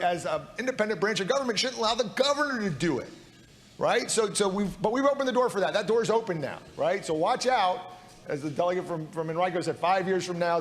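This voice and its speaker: Fast-talking legislator in an echoey chamber. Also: male voice, high voice. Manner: argumentative, frequent rhetorical "right?" asides. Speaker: state legislator. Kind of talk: legislative floor speech. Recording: echoey hall reverb.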